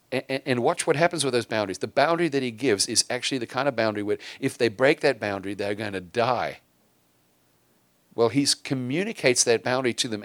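A man's voice: mid-range voice, a bit bright, no room sound. A man preaching a sermon in an earnest way, with emphatic bursts and frequent restarts.

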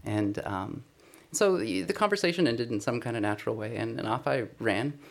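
A man's voice: mid-range voice, expressive, normal speed, creaky. A man giving a conversational sermon, telling a personal testimony in an earnest, self-deprecating way. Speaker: speaker sharing a personal testimony.

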